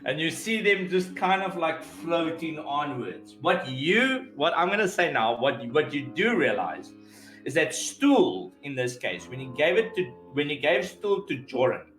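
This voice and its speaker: A man acting as game master, narrating a tabletop game in an unhurried way, repeating himself as he goes. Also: fairly high pitch, sing-song, a bit bright. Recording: roomy echoey room, faint music.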